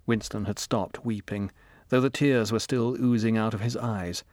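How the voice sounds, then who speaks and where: A man's voice: on the low side, steady tone, darkish tone, no echo. Grave male audiobook narrator, dry sound. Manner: measured, grave storytelling. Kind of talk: scripted narration.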